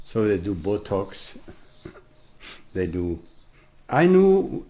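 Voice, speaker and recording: A man with a German accent giving a rambling spiritual talk as a teacher, laughing often and swinging from soft asides to loud declarations. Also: lowish voice, sing-song, drawn-out words.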